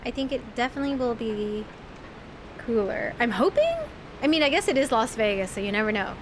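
High-voiced woman streaming a game. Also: animated, fairly quick, noisy background. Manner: chatty, shrieks and squeals at sudden enemies; talks to viewers in chat. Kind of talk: live gameplay commentary.

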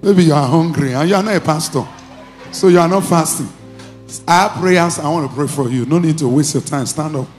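Soft music plays behind a Nigerian-accented pastor as he preaches fairly quickly in a higher voice. Leading deliverance prayer, he issues commands, repeats short phrases, and at times breaks into shouts.

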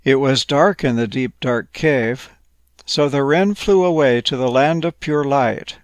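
A man gently narrating a playful, whimsical bedtime story. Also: mid-range voice, measured pace, no echo.

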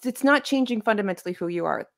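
A woman's voice: medium pitch, lively intonation, racing, gravelly. A woman talks through a novel on a live book club podcast. Her voice sits in a middle register, and she muses her way through points, restarting sentences as the ideas come. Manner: thoughtful, rambling, with frequent restarts and "like".

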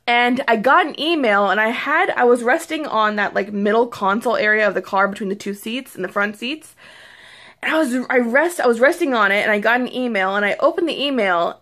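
A young woman beauty vlogger chatting casually to camera, excitable and rambling, full of fillers and restarts. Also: fairly high pitch. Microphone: phone or camera mic.

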